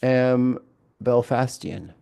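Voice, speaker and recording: A man's voice: medium pitch, extremely slow, vocal fry, clear, resonant tone. A man joking around as a guest on a casual live-stream chat. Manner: joking, playful, animated asides. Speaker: panel guest.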